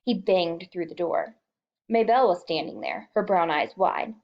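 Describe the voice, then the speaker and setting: A woman's voice: on the low side, moderate pace, dull audio. A woman reading a novel aloud as an audiobook, emotive and lightly voicing the characters. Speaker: audiobook reader.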